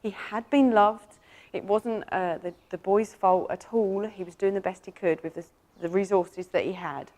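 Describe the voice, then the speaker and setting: An animal communicator, giving a lively, enthusiastic presentation and telling stories about pets to an audience. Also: female voice, normal speed. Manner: animated, enthusiastic storytelling with sudden jumps up in pitch.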